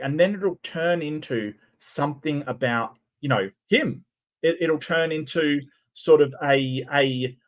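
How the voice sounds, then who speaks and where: A man's voice: a little high, a little slow, fairly bright tone. A man doing sarcastic, incredulous commentary as host of his channel. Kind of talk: mocking commentary on clips.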